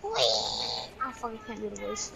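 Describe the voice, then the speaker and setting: A woman gamer chatting casually, excitable and shrieking with lots of swearing. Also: high voice, normal speed, over music. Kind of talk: casual chat while gaming.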